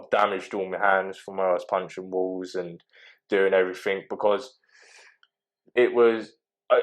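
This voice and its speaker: A young man, talking casually as a podcast guest, halting with many fillers and restarts. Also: fairly low pitch, poor audio. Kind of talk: casual interview talk.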